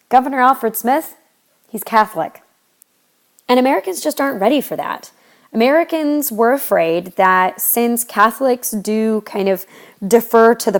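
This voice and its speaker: A young adult woman teaching a history lesson, talking casually and explaining step by step with frequent fillers and restarts. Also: mid-range voice. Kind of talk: recorded history lecture.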